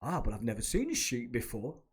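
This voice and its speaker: A man's voice: medium pitch, wildly swooping pitch, a little fast, husky, exaggerated voice. A man voicing a big, naive, cheerful friend who sounds wide-eyed and amazed.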